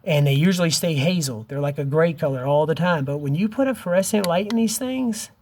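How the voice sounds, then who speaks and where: A man's voice: a little high, a little fast, darkish tone. A man in his fifties speaking urgently and emotionally to his camera, pleading with viewers, his voice close to tears, and he keeps saying "dude" and "man". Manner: emotional and wavering, near tears. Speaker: vlogger. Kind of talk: impassioned direct-to-camera vlog.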